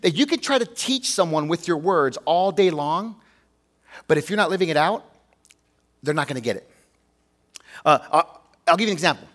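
A man's voice: fairly high pitch, expressive, moderate pace, long pauses, fairly bright tone. A man preaching a sermon as a pastor, earnest and emphatic, talking to the congregation conversationally and asking rhetorical questions.

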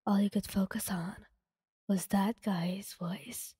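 Woman storyteller, half-whispered reading, slow, breathy, faint long reverb. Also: mid-range voice, fairly even intonation, mellow, clean studio sound. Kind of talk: reading own fan story aloud.

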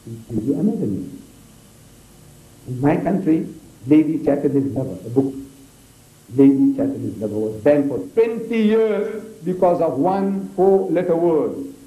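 A man's voice: on the high side, dark tone. An older man from South Africa giving a public debate lecture, emphatic and full of rhetorical questions to the audience. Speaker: debate speaker. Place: large lecture hall. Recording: echoey hall, voice from a distant mic.

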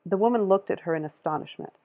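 Female audiobook narrator, gravelly with vocal fry, measured reading. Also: medium pitch, dark tone, dull audio. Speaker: audiobook reader. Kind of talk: reading a novel aloud.

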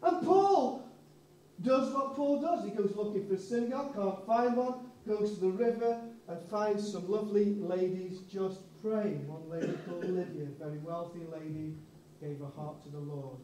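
A man's voice: sits high, normal speed, mellow, slight background noise. A man preaching a sermon, telling a story and acting out the people in it. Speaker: pastor. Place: church hall. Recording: echoey church hall, mic far off.

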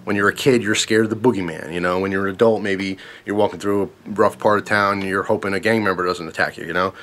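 A man's voice: deep voice, fairly even intonation, fast talker, fairly bright tone, slight background noise. A man casually telling a story to camera, earnest and emphatic, repeating himself when tense.

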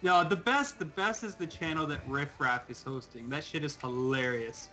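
A man's voice: a little high, normal speed, pushed and bright, faint music behind. A young man co-hosting a casual gaming chat, enthusiastic, often stammering and restarting. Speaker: gaming show co-host.

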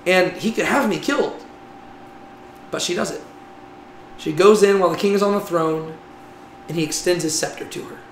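Male Bible teacher, high voice, chatty lecture style, roomy recording. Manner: conversational, frequent "right?" tags. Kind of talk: casual Bible class lecture. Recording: echoey room with faint noise.

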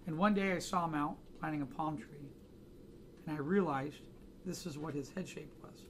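A man's voice: fairly high pitch, normal speed, slight background noise. A man teaching a drawing class, chatting casually and joking through anecdotes in front of students. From United States. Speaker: art instructor.

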